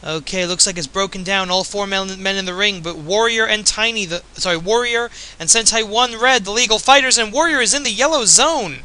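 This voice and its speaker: A man's voice: sits high, brisk, hardly any pauses, pushed and bright, low-quality recording. A man giving casual, jokey play-by-play commentary in an offhand, chatty way, a bit tipsy.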